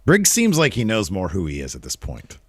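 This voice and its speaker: A man's voice: sits low, wildly swooping pitch, a little fast, husky, no room sound, clean studio sound. A man in his thirties co-hosting a casual podcast, chatting in a rambling, self-mocking way. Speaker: co-host.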